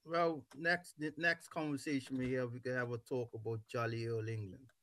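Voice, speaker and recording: A man hosting a radio talk show, relaxed and teasing as he wraps up the show. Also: mid-range voice, moderate pace. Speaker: host.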